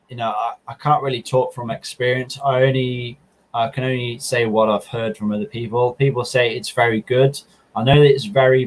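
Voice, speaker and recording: A young man answering viewer car questions in a relaxed, rambling chat, full of ums and restarts. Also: mid-range voice, rough recording. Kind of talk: casual chat.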